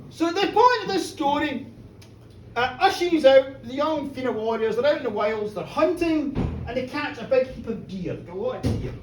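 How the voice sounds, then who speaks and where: A woman telling a folk tale live, animated, chatty and playful. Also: high-pitched. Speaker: storyteller. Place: pub storytelling show, indoors. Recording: roomy bar, distant mic, faint noise.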